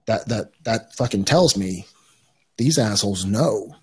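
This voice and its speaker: A man's voice: on the low side, normal speed, darkish tone, husky. A man guest on a podcast, telling a story casually in a rambling way, with restarts and swearing.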